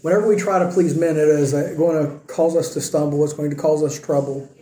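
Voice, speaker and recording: A man's voice: on the high side, steady tone, brisk, dark tone, echoey room, rough recording. A man preaching a conversational sermon as pastor, using rhetorical questions. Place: church sanctuary.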